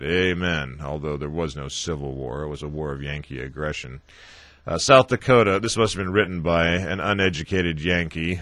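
Deep-voiced man hosting talk radio. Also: a bit bright, dry recording. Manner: dry asides and chuckles between readings. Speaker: radio talk show host. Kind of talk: reading jokes on talk radio.

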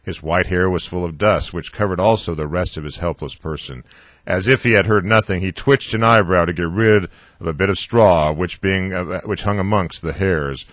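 Reading a novel aloud for a radio program, this man speaks in a low voice and keeps stumbling, with many restarts, fillers and self-corrections. There is no room sound in this audiobook-style clip.

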